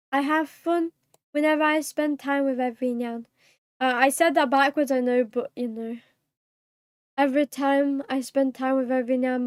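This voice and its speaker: Bubbly high-voiced British streamer woman. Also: no room sound, clean studio sound. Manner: bubbly, giggly, apologetic, reading chat aloud. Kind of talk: casual live-stream chat.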